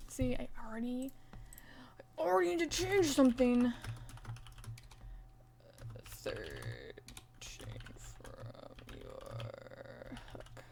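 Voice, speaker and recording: Young woman, live streamer, casual chat, playful, talkative, slightly high voice, counts stitches softly. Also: vocal fry, a little hiss or hum. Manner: chatty, playful, reads chat aloud; counts stitches under her breath.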